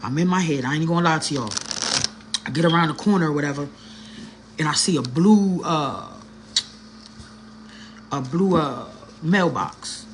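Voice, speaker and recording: A woman's voice: deep voice, normal speed, long pauses, background noise. Candid woman telling a storytime vlog. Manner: candid, slangy, talks straight to viewers; emotional, earnest retelling. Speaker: vlogger.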